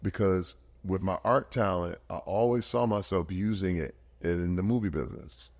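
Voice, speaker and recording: A man in his fifties from Michigan, a podcast guest telling his life story in an earnest, animated way with big swings in energy. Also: deep voice, moderate pace, creaky. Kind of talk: emotional personal storytelling.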